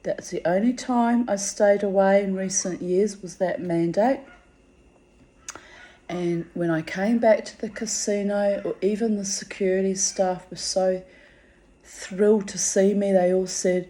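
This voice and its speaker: A woman's voice: medium pitch, steady tone, mellow. A woman telling a personal story in a candid spoken monologue, dramatic and profane, drawing out words for emphasis. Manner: theatrical and profane, with drawn-out emphasis.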